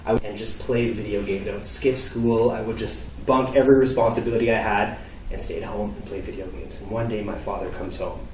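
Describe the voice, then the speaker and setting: A young man from Canada giving a storytelling talk, acting out dialogue with lively delivery. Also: on the low side, a little fast, a little hiss or hum. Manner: animated, acts out dialogue. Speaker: speaker. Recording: echoey hall from far off.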